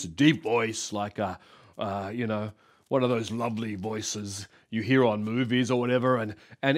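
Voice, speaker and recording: A man in his sixties with an Australian accent preaching a sermon, emphatic and repetitive, swinging between loud and soft. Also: a little high. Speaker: pastor.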